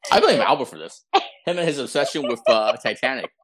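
A man's voice: mid-range voice, fast talker, breathy edge. A man co-hosting a casual podcast, teasing his friends and cracking jokes. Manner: teasing, jokey, lively. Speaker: podcast co-host. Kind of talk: casual banter.

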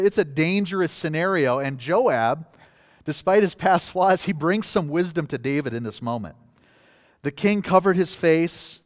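Reverberant male pastor preaching. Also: fairly high pitch. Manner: conversational preaching, rising to forceful scripture reading. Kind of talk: sermon.

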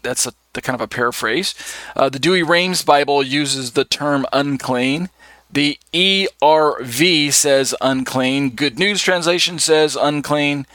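A man leads a Bible study, his voice sitting a touch high for a man. He talks in a loose, conversational way, stopping often on fillers as he reads through passages. The sound is dry and close, with no room around it. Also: a little slow, a bit bright, no room sound. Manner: conversational, filler-heavy, reads verses aloud. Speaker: Bible teacher. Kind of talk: casual Bible study lesson.

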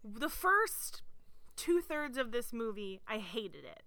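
A woman's voice: a little high, very animated, slow pace, bright, forceful tone, no echo. A woman co-hosting a podcast, chatting casually and bluntly, laughing often. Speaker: podcast co-host.

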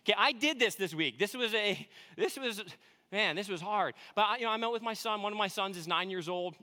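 A man in his thirties preaching a sermon, telling a family story with earnest warmth and some self-deprecating humor. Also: high-pitched, fairly quick. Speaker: pastor.

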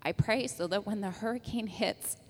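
A woman giving a calm, reflective talk on prayer at a church service. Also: mid-range voice, moderate pace, a little hiss or hum. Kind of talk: reflective sermon reading. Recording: long echo of a hall.

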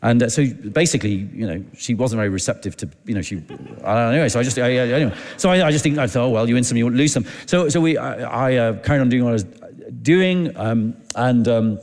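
A man preaching, telling a personal story in a chatty, halting way and acting out the dialogue. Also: mid-range voice, lively intonation, vocal fry, darkish tone. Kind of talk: anecdotal sermon storytelling. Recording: long hall reverb.

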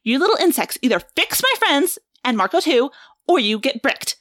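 Woman reading as a blunt tough teen girl, fed up and impatient, a bit higher than her normal voice. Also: normal speed, fairly bright tone. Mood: exasperated. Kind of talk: reading a book aloud in character.

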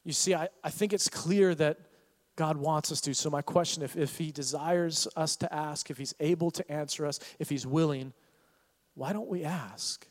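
A man preaching a sermon as pastor, animated and acting out the voices of Bible figures. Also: a little high, normal speed, big-room sound.

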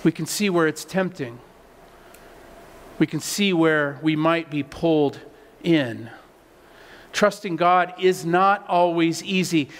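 A man's voice: high voice, a bit bright, long reverb tail. A man preaching a sermon as a pastor in a conversational way, often repeating words as he stresses a point.

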